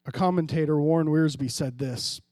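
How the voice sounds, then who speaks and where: A man pastor preaching a sermon, swinging between hushed, low passages and loud, emphatic rises, often calling out to the congregation. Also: moderate pace, dry recording, clean studio sound. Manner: preaching with sudden drops to quiet and loud rises, calls to the congregation.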